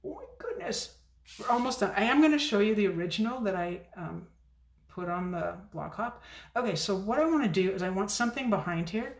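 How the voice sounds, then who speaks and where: A chatty woman demonstrating card making in a casual crafting video, talking fast and poking fun at her own forgetfulness. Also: mid-range voice, lively intonation. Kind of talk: casual crafting tutorial chat. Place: home craft room. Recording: echoey room.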